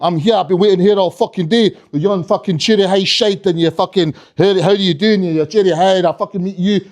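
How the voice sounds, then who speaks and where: A man's voice: high-pitched, fairly quick, a little mellow, close to an everyday voice. A man voicing a cocky little Scottish boy who swears and threatens in a demanding rant, as part of a stand-up bit. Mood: menacing. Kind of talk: stand-up comedy impression.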